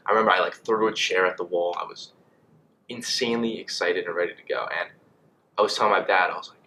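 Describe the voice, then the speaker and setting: A young man in college vlogging casually, rambling and animated with lots of fillers. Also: deep voice, fast, a little hiss or hum. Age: young adult. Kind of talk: casual monologue to camera.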